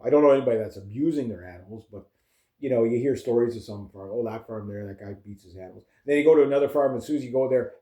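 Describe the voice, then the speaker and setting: A man's voice: mid-range voice, warm tone, roomy sound. A man from Canada telling rambling farm stories as a vlogger, chatty and laughing often, with lots of fillers. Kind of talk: casual rambling storytelling.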